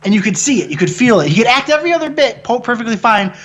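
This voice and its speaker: A man, a film director, telling stories in a casual interview, excitable and cursing freely as he jokes. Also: very high-pitched, racing. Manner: excitable, swears freely, jokey storytelling.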